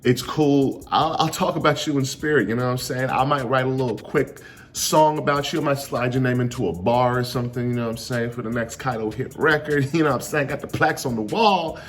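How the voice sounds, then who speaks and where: A man's voice: mid-range voice, brisk, pitched above the performer's own voice, close to an everyday voice. A man voicing a swaggering giant male pirate boss with cocky, slangy bragging.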